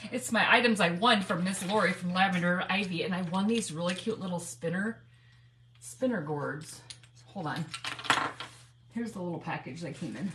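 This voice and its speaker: A woman's voice: mid-range voice, bright, forceful tone, slight background noise. Chatty woman hosting live crafts. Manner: chatty, laughing, greeting viewers by name. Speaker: craft livestream host. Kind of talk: live craft stream chat.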